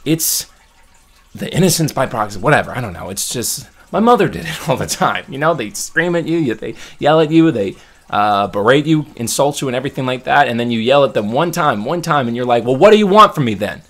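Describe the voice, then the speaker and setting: A man's voice: mid-range voice, lively intonation, fairly quick. A man talking straight to camera in a casual check-in vlog, venting in a rambling, heated way and restarting his sentences as he goes. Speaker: vlogger.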